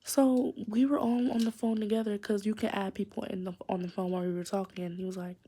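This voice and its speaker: A woman's voice: medium pitch, flat delivery, fast talker, mellow, breathy edge. A teenage girl chatting through a rambling storytime, dropping to a whisper for secrets. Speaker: vlogger. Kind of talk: casual storytime chat.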